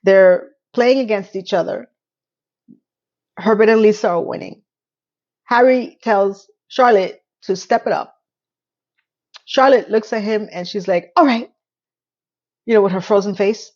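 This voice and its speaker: Blunt, animated woman recapping a show. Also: medium pitch, measured pace, long pauses, highs cut off. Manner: animated, blunt, swears casually. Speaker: TV recap vlogger.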